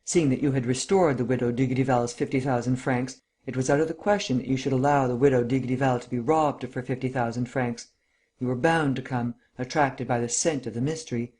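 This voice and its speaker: A cruel, gloating widow , read by a man in a mid-pitched voice, savours her triumph over a trapped rival. She mocks with deliberate weight on each word. Her voice sits at an ordinary middle pitch. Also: steady tone, a little mellow, close to an everyday voice. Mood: gloating scorn. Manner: mocking, gloating, stresses every syllable. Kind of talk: audiobook character reading.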